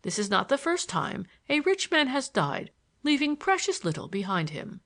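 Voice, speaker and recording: A woman's voice: high-pitched, very animated, moderate pace, a bit bright, pitched above the performer's own voice, heavily acted. A woman reading an audiobook, voicing a stern, impatient male estate executor with a curt, indignant manner.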